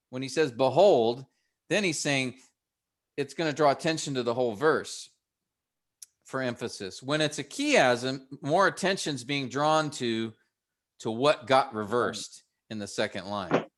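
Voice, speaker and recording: A man at middle pitch teaches pastors in a relaxed classroom manner. He works through each point slowly, often restarting a phrase before he goes on. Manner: unhurried, explains step by step with restarts.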